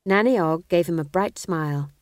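A woman's voice: fairly low pitch, no echo, clean studio sound. Woman narrating a wry fantasy audiobook. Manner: wry, measured storytelling. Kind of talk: scripted narration.

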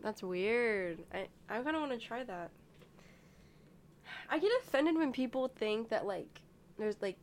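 A woman's voice: fairly high pitch, animated, measured pace, long pauses, slight background noise. Chatty young woman recounting a dream. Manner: rambling, heavy use of "like". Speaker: podcast co-host. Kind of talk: casual chat, telling a dream.

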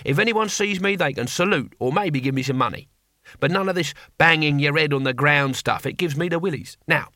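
A man doing a gruff old barbarian. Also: a little high, pushed and bright, no echo, clean studio sound. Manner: gruff, plain-spoken, rambling. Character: ancient weary barbarian man, blunt and coarse.

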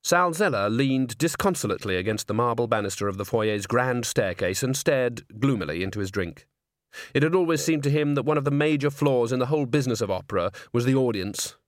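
A man narrating a comic fantasy audiobook in a measured, even storytelling manner. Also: mid-range voice, no room sound, studio quality. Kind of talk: scripted narration.

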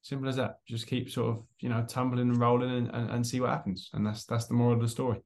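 A young podcast co-host with a mid-range, creaky voice talks fast in a casual chat. He's an animated storyteller, laughing often and acting out what people said.

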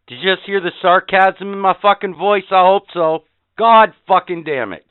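The speaker is a podcast host in his fifties, swearing and sarcastic as he vents his exasperation in a ranting monologue. His voice is high, clear and resonant at a normal speed, captured with phone-like quality and no echo.

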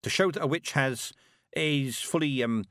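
A man's voice: mid-range voice, normal speed, fairly bright tone, dry recording, studio quality, pitched above the performer's own voice, close to an everyday voice. Male reader plays an elderly witch: brusque, commanding, proud. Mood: gruff. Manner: curt, commanding. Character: old female witch, stern and proud.

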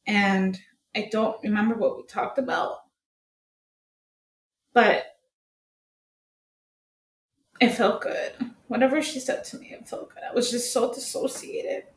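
Young woman, podcast guest, candid storytelling, animated, echoey room, faint background hum. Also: on the high side. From Colombia. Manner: animated, acts out quoted voices, swears freely.

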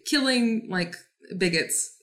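A woman's voice: on the high side, animated, slow pace, a bit bright. A woman co-hosting a fan podcast in casual chat, gushing and swearing freely with lots of fillers. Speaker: podcast co-host.

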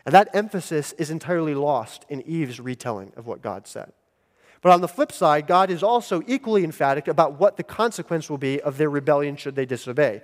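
A male pastor preaching a sermon in a deliberate, emphatic teaching manner. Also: fairly high pitch, lively intonation. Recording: long hall reverb.

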